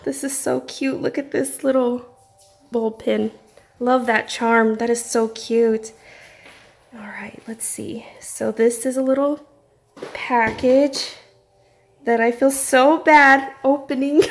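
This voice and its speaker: A woman's voice: high voice, gravelly. A woman, gushing as she unboxes crafts in a casual home vlog. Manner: effusive, gushing. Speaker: craft vlogger.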